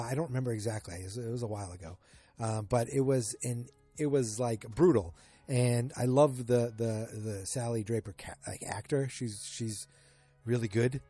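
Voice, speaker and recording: A man's voice: mid-range voice, normal speed, mellow, faint music behind. A man hosting a podcast, casually recapping a TV episode in a rambling way with many fillers and restarts. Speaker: podcast host.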